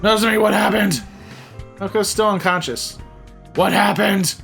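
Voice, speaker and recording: A man's voice: sits high, steady tone, measured pace, creaky, fairly bright tone, soft background music. A man casually commenting and joking while playing a story video game. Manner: chatty, joking, reading game text aloud. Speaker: let's play host.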